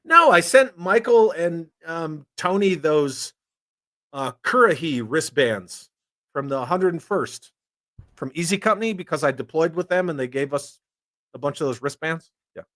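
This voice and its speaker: A man's voice: on the high side, expressive, measured pace, sharp tone, no echo, studio quality. A man hosting a toy collecting live stream, chatting casually, joking and swearing while he reads comments. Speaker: army veteran.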